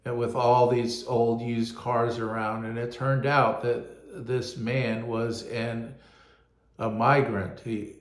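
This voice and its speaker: A man, a pastor, telling a personal testimony in an earnest, halting way, often repeating words as he goes. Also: mid-range voice, reverberant.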